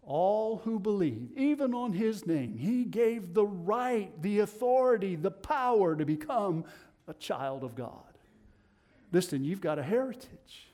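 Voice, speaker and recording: In his sermon, a middle-aged Tennessee-accented man speaks a little slowly with big swings in pitch, going from loud declarations to hushed, low passages.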